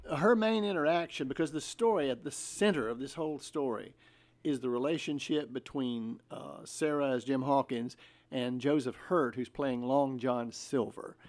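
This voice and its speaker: Gravelly guy, theater director, gets excited talking about his cast, little asides and chuckles. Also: mid-range voice, normal speed. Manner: enthusiastic, explains with asides and chuckles. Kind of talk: casual interview talk.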